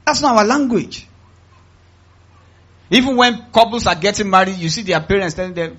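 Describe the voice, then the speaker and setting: A male pastor with a Nigerian accent preaches to his church in a husky, fairly high voice. He drives his points with call-and-response cries, dropping to low asides and then climbing to loud, emphatic peaks. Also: brisk, poor audio. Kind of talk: sermon.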